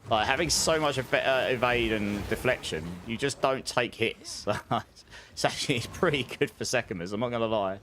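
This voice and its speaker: A man gives relaxed, rambling commentary while he plays, humming little filler tunes and laughing often. His voice sits at an ordinary middle pitch, with faint ambient noise in the background. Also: moderate pace. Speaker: game streamer. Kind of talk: casual gameplay commentary.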